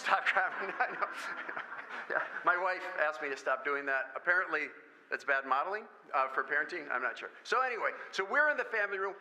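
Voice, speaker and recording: A man from Michigan speaking at a school parent meeting, telling jokey stories in an animated way. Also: fairly high pitch, slight background noise, rough recording. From Michigan, USA. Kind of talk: lively talk with stories.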